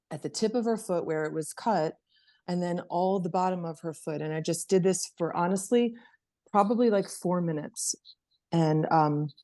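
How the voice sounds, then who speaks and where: A middle-aged woman on a video call, telling a personal story in an animated way and acting out her child's words. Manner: animated storytelling, acts out her daughter in a high voice. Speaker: interview participant.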